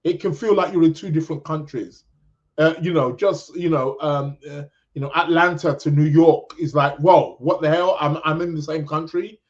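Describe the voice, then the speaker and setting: A British man hosts a podcast as a loose, rambling live chat, reading out viewer comments. His voice sits a little high. The recording sounds dull and lo-fi. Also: steady tone, normal speed. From England. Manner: rambling, many restarts, chatty. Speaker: podcast host.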